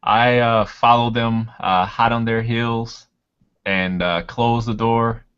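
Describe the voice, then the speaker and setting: A man playing a tabletop game, describing his character's actions in the first person with a drawn-out, musing delivery. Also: mid-range voice, fairly even intonation, a bit bright, clear, resonant tone. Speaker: player. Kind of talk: first-person role-play narration. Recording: dull lo-fi recording.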